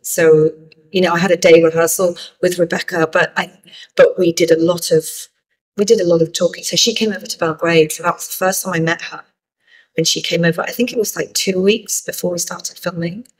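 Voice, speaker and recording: A woman's voice: fairly low pitch, fairly even intonation, brisk, slightly rough, poor audio. A middle-aged woman film director answering interview questions thoughtfully, with frequent restarts. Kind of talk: festival interview.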